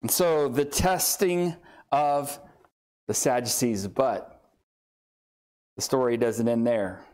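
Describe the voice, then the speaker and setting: A middle-aged man preaching a sermon, retelling a scripture story with lively, acted-out voices for the people in it. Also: medium pitch, slow, pauses often, clear, resonant tone. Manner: animated storytelling, acts out quoted voices.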